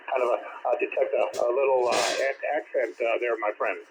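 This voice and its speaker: A man's voice: mid-range voice, fairly even intonation, moderate pace. A man chatting on a ham radio contact, rambling with many hesitations. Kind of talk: casual radio contact chat. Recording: dull radio audio with faint noise.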